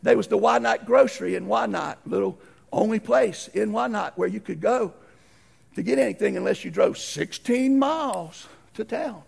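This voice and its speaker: A middle-aged man preaching a folksy storytelling sermon, animated and acting out the voices in his stories. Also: high-pitched, moderate pace, gravelly, breathy edge.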